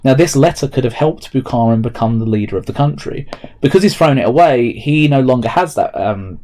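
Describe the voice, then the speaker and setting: A man's voice: mid-range voice, lively intonation, a little fast, mellow. A man, a history teacher recording a remote lesson and explaining each step aloud as he types notes.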